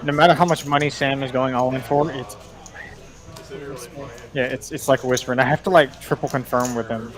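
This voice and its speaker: A man's voice: mid-range voice, fairly even intonation, fairly quick, pauses often. A man doing live poker commentary, chatty and joking as he calls the hands.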